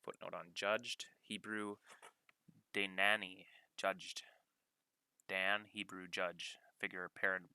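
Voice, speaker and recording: A man with a low, forceful voice reads scripture aloud, working slowly and deliberately through verses and their study notes. The sound is dry and close. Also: steady tone, gravelly, clear, resonant tone, dry recording. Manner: measured, deliberate reading, pausing to cite references. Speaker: scripture reader. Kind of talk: reading scripture aloud with study-note commentary.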